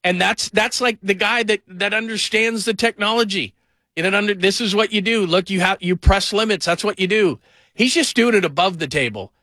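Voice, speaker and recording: A man hosting a call-in sports radio show, talking in an animated, rambling way and mimicking people in put-on voices. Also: high voice, fairly quick, no room sound.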